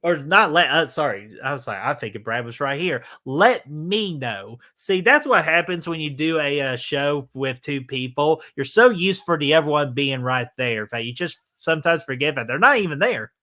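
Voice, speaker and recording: Male stream host, bright and forceful tone, casual and profane, lots of fillers. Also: fairly high pitch, animated, normal speed, hardly any pauses. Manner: loose, joking, swears freely, many fillers. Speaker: livestream host. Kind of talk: casual live-stream chat reading comments.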